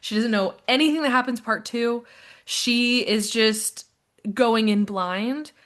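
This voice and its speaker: A young woman co-hosting a podcast in a casual chat, telling an animated story and acting out her friend's lines. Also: fairly high pitch, slow. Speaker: podcast co-host.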